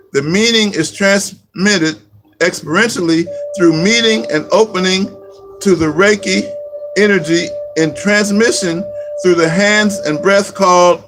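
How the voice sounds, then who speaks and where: A man giving a slow, repetitive spiritual teaching talk as a Reiki teacher. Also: sits high, rough recording. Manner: slow, repetitive, chant-like phrasing. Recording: music playing behind.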